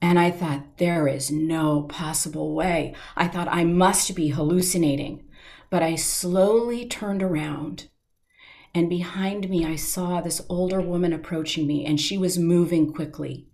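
A middle-aged woman telling a personal story in an interview, earnest and heartfelt, slowing down at the emotional moments. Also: fairly low pitch, a little mellow.

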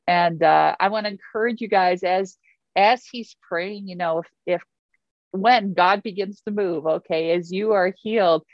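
A woman's voice: mid-range voice, dry recording, lo-fi sound. A woman hosting a podcast interview, enthusiastic and affirming, talking loosely with restarts. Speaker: podcast host.

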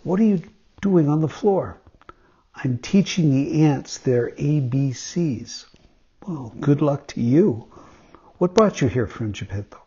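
Man doing a gruff old carpenter, storybook, husky voice, dull lo-fi sound. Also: a little high, animated, slow, mellow, exaggerated voice. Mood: bickering. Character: grumpy little old male carpenter.

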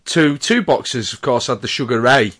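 A man's voice: mid-range voice, animated, moderate pace, a bit bright, breathy edge. A man in casual podcast chat, teasing his co-host and laughing easily. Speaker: podcast judge.

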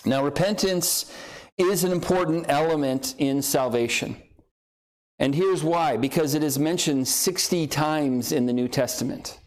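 Joking preacher man, fairly high voice. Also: a little slow. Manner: conversational, joking, acts out imagined dialogue. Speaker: pastor. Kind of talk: sermon.

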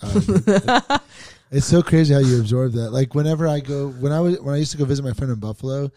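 A man's voice: mid-range voice, animated, fast, a little mellow, no echo. A man with a thick Staten Island accent hosting a podcast, joking around and restarting his sentences. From Staten Island, New York. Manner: joking, stammers and restarts, swears. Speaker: podcast host. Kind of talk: casual podcast chat.

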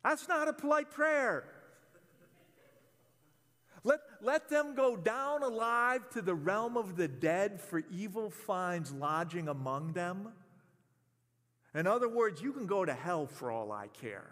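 A man's voice: high voice, expressive, slow pace, fairly bright tone, big-room sound. A man preaching a sermon in an impassioned, conversational way, often repeating words as he speaks. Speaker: pastor.

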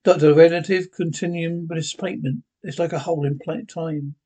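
A man with a husky voice reading the lines of an eccentric male time traveller, naming the character before each line. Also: on the high side, steady tone, normal speed, warm tone. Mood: brisk.

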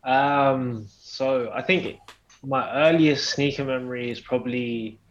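Male podcast guest, joking manner, slightly dull lo-fi line, middle pitch. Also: steady tone, slow pace. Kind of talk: casual podcast chat.

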